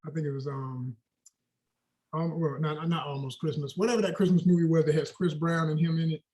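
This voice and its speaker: A man in his forties, a guest actor chatting in an interview, telling animated stories with a lot of casual slang. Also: a little high, fairly quick. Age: 40s. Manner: animated storyteller, slangy and expressive.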